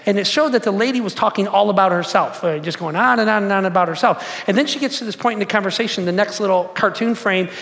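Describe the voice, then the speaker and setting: A man's voice: high voice, quick pace, gravelly, few pauses, a bit bright, in a large hall. A man in his forties preaching a sermon, casual and conversational, telling stories and asking the crowd questions. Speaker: pastor.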